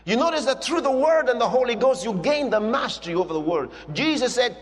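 A man's voice: very high-pitched, expressive, fairly quick, hardly any pauses, in a large hall. A man preaching a sermon with emphatic, repetitive declarations.

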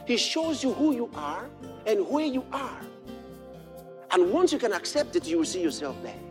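High, lively male preacher. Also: moderate pace, faint music behind. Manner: animated storytelling, swings from hushed to shouted exclamations. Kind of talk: sermon.

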